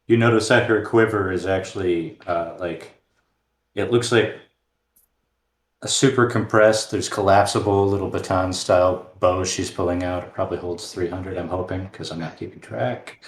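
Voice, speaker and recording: A man's voice: low voice, steady tone, normal speed. A man casually playing a tabletop game, explaining his moves in a wry, offhand way. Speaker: player. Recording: roomy echo.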